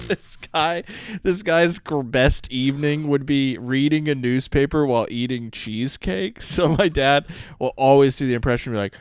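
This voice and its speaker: A man's voice: medium pitch, normal speed, clean tone, no echo, clean studio sound. A young man co-hosting a podcast, telling rambling stories in casual chat and laughing often. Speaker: podcast co-host.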